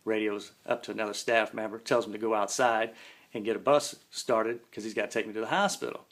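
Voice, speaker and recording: A man's voice: fairly low pitch, fairly even intonation, brisk. A man casually telling a long story from his past, rambling and folksy, full of "you know" and "man".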